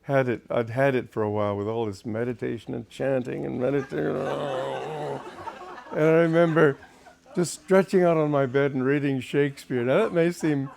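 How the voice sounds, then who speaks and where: A man's voice: mid-range voice, fairly even intonation, normal speed, gravelly, darkish tone, a little hiss or hum. An older man, a spiritual teacher, telling wry anecdotes from his past to an audience and laughing at his own stories. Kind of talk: reminiscing talk to an audience.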